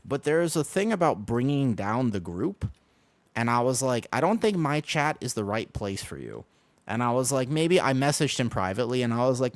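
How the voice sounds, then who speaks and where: A man's voice: mid-range voice, dry recording. A young man chatting casually on a live game stream, rambling through a story with lots of fillers and restarts.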